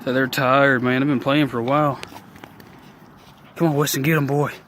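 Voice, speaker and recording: A man's voice: mid-range voice, normal speed, a little hiss or hum. A man giving a rowdy, cussing play-by-play of his dogs wrestling, filmed on a phone at home. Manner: rowdy, cussing, excited, cheering on. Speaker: video host. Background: dogs playing.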